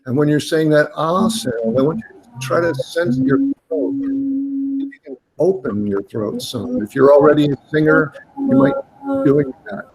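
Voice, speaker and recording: Encouraging male voice coach with a fairly high-pitched voice and a faint hiss behind him, giving step-by-step breathing and vocal exercise instructions. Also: huge pitch swings, normal speed, a little mellow, low-quality recording. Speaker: voice workshop leader.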